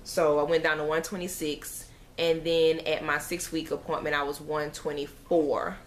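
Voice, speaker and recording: A woman's voice: sits low, level tone, moderate pace, a little hiss or hum. A woman, a mother, chatting to camera in a rambling, emotional way with sighs and fillers. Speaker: mother vlogger. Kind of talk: casual chat to camera.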